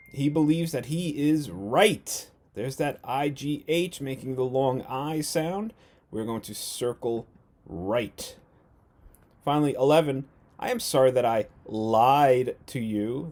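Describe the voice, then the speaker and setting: A man in the middle of the male pitch range, teaching young children a remote reading lesson. He talks slowly and clearly and sounds out letters one at a time. He poses playful either-or questions to keep small kids following along. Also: a little mellow. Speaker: first grade teacher. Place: at home.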